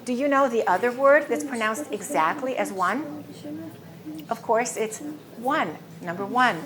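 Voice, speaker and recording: A woman teaching English pronunciation, speaking slowly and clearly, saying each word twice. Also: a little high, a crowd in the background. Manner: slow, clear modeling of words, repeating each twice. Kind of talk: pronunciation lesson.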